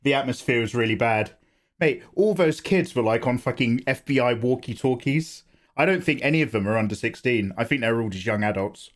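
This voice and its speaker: A man chats with his stream audience while he draws, joking and greeting people by name. His voice is a little hoarse from a cough. He sits at a middle pitch and keeps a loose, casual flow. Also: expressive, a little fast. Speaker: art streamer. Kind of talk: casual live-stream chat.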